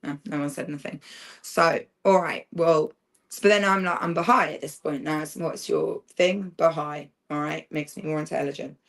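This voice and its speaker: A woman's voice: low voice, steady tone, moderate pace. A woman livestreaming a rambling personal monologue, sardonic and swearing freely as she jumps between topics.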